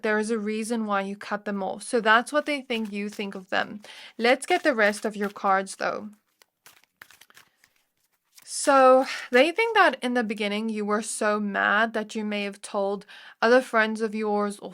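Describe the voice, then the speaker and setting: Woman, tarot reader, casual, chatty, lots of fillers, talks to the viewer, mid pitch. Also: a bit bright. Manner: chatty, filler-heavy, speaks straight to the viewer. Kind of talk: casual pick-a-card tarot reading.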